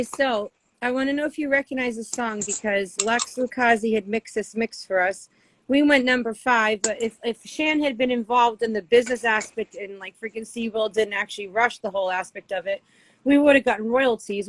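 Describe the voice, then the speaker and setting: A woman's voice: on the high side, fairly quick, slight background noise, low-quality recording. A woman with a Boston accent, a guest artist chatting casually and rambling with lots of fillers. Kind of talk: casual interview chat.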